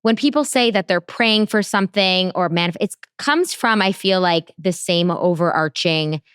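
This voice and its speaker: A woman co-hosting a podcast who reflects and thinks aloud in a relaxed chat. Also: lowish voice, moderate pace, smooth, dry recording, clean studio sound. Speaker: podcast co-host. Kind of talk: casual podcast conversation.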